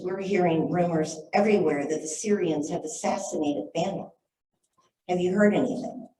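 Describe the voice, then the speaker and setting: A middle-aged woman telling a lively anecdote to a live audience at a library talk, acting out the voices of the people in it. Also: fairly low pitch, far from the mic. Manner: lively anecdotal storytelling, acts out quoted voices. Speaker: author and speaker. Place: library event room. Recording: echoey room, voice picked up from afar.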